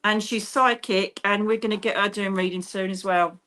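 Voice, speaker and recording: A woman's voice: medium pitch, fairly even intonation, moderate pace, sharp tone. A woman hosting a casual livestream as a psychic medium, chatty and teasing, laughing often.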